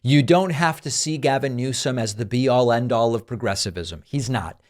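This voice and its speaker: A man's voice: mid-range voice, moderate pace. A man hosting a political news commentary show, delivering dry, sarcastic remarks. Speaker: host.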